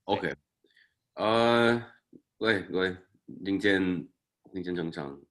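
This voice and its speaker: A male student answering slowly in class, hesitant and repeating himself. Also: low voice, a bit bright.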